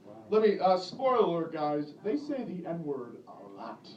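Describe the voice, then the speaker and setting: High, animated stand-up comic from New Jersey. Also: male voice, moderate pace, distant mic, dull audio. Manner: crude, sarcastic, jumps into mock voices. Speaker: stand-up comedian. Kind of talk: stand-up comedy set. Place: comedy club with a laughing audience. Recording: echoey club recorded from afar, crowd laughter.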